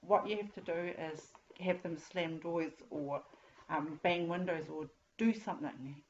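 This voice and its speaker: A woman teaches writing in a plain, direct voice. Her pitch sits low for a woman. The recording is a little dull and muffled. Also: measured pace, a little hiss or hum. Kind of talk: explaining writing advice to students.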